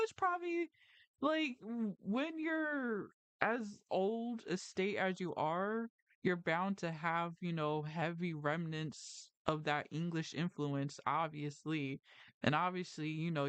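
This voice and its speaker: A host around thirty chats casually on a livestream, with a rounded, mouthful delivery that blurs some words. They keep drifting into tangents, restarting sentences and leaning on "like" and "you know". The voice is smooth and resonant, recorded dry and close. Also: mid-range voice, a bit bright, no room sound. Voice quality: round, mouthful, mumbled articulation. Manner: tangent-prone, self-correcting, frequent "like" and "you know". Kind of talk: casual rambling chat. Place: lives in New Jersey.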